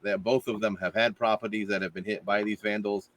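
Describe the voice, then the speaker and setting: A man playing his character in a tabletop game, friendly and halting with repeated restarts. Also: lowish voice, little pitch movement, fairly bright tone. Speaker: player. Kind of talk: in-character tabletop role-play.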